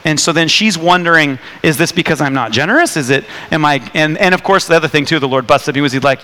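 A man preaching a sermon, telling a personal story in a casual, animated way with many fillers and restarts. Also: a little high, quick pace, few pauses. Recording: long hall reverb.

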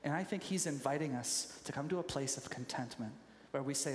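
A man preaching a sermon as pastor, animated, and now and then acting out quoted voices in sudden loud bursts. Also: mid-range voice, fairly quick, slight background noise. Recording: echoey hall with faint ambience.

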